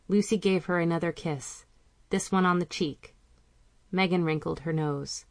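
A woman reading a novel aloud in calm, measured audiobook narration. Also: lowish voice, no room sound.

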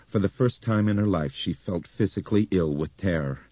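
A man narrating a novel in a very deep, dark, husky voice. He reads at a steady, measured pace. The recording is dry and close, with a dull, muffled top end. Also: no room sound. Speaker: audiobook narrator. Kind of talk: scripted narration.

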